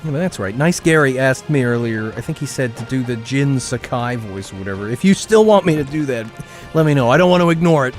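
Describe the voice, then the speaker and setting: A man's voice: medium pitch, brisk, soft background music. A man streaming a video game, rambling casually and chuckling as he acts out silly character lines. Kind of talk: casual gameplay commentary.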